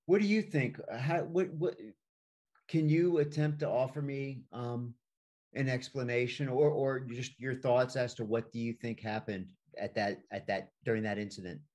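A man's voice: medium pitch, fairly even intonation, moderate pace, darkish tone. A man interviewing a guest, asking his questions hesitantly and restarting often as he searches for words.

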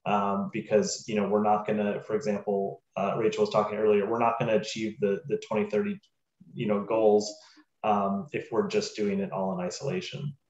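Low flat-voiced man on a muffled call. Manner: measured, with many fillers and restarts. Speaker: panelist. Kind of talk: webinar panel discussion. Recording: roomy, muffled video call audio.

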